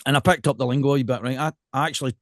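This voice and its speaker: A man with a West of Scotland accent, co-hosting a casual podcast chat in an animated, jokey way. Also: medium pitch, racing, no echo, studio quality. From Scotland, South Lanarkshire. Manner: animated, jokey, throws in mimicked voices. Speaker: podcast co-host.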